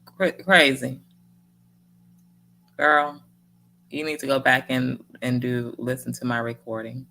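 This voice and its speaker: A woman hosts a relaxed livestream and talks her viewers through their comments. Her voice is bright and forceful, and she speaks slowly. She cheers people on in a folksy way and laughs often. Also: extremely low pitch, a little hiss or hum. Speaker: livestream host. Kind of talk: casual livestream chat answering viewer comments.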